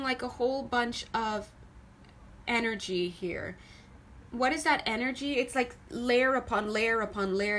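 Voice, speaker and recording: Woman tarot reader, chatty and animated, fairly high voice, faint room ambience behind her. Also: slight background noise. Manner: chatty, animated, laughs often, swears then apologizes. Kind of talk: casual spiritual tarot reading to camera.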